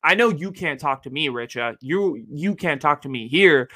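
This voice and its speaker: A young man from the Bay Area talks his way through a casual podcast monologue. He circles back and repeats his points, padding them with "like" and "you know." His voice sits a little high with a bright, tight edge, and the recording is dry and close. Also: animated, normal speed, dry recording. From San Francisco Bay Area. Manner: rambling, repeats himself, heavy on "like" and "you know". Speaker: podcast host.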